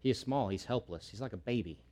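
A man preaching a sermon in an earnest way, repeating key words for emphasis and rising loud when quoting pleas. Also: fairly low pitch, expressive, quick pace. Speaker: pastor.

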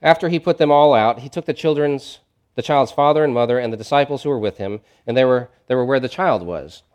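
A middle-aged man preaching a sermon in a conversational way, swinging between loud emphatic lines and quiet ones. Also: medium pitch, a little fast. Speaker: pastor.

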